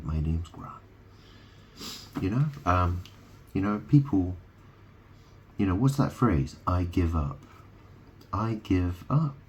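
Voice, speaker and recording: Man, very low voice, slow unhurried delivery, rambling wordplay, keeps checking in with "right?". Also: a little mellow. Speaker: video host. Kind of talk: rambling monologue.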